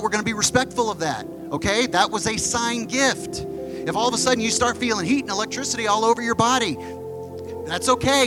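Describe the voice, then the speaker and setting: Male pastor, high-pitched, relaxed chatty preaching style, recorded in a church with music underneath. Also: rough recording. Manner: casual, conversational preaching with quick asides. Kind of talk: sermon. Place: church sanctuary with stage. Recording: music behind the voice. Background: music playing.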